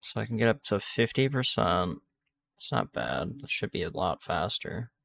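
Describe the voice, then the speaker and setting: A man with a lowish, gravelly voice chats his way through a video game. His delivery is animated in pitch but loose, full of restarts and filler words. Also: moderate pace. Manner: rambling, restarts sentences, many fillers. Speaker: gaming video creator. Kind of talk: casual gameplay commentary.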